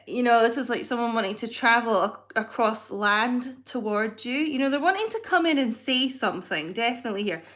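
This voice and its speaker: A woman's voice: a little high, a bit bright. A woman hosting a casual live-stream tarot reading, rambling and searching for her words as she goes. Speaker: tarot reader.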